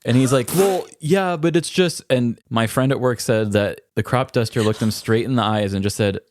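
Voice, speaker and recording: A man co-hosting a podcast in casual chat, retelling work stories with lively mimicked quotes. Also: fairly low pitch, fairly quick, a little hiss or hum. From Missouri, US. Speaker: podcast co-host.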